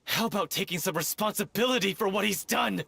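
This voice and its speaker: An actor playing a grief-stricken young male troupe actor who shouts accusations in game voice acting. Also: sits high, a little fast, vocal fry, slightly rough, no echo, full character voice. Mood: furious.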